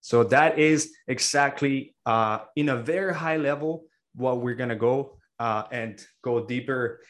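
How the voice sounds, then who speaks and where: A man's voice: mid-range voice, measured pace, fairly bright tone. A man as a podcast guest, explaining in an earnest, casual way. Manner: earnest, explains with many fillers and restarts. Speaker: podcast guest, agency owner. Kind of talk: casual interview talk.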